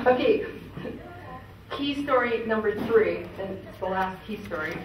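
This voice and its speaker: A woman's voice: mid-range voice, expressive, unhurried. A woman telling family stories at a memorial gathering, chatty and laughing, with many fillers. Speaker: memorial speaker. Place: event hall. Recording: echoey hall, distant mic, ambient noise.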